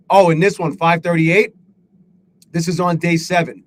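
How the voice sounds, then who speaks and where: Guy on a live trading stream swearing at himself a lot, kinda high voice, reading out chat names. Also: little pitch movement, a little slow. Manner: profane, self-critical, rambling. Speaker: livestream host.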